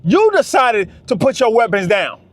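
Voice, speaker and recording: High-voiced man ranting to the fellas. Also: big pitch swings, normal speed, no room sound. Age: 30s. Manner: preachy, repetitive, talks straight to "fellas". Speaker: vlogger. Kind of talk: impassioned monologue to camera.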